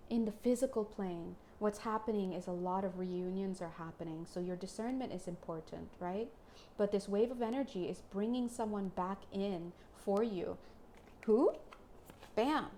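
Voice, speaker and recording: Chatty and excitable, this woman reads spiritual cards for her viewers in a casual style, often switching into playful little voices. She speaks at medium pitch, with some hiss or hum in the recording.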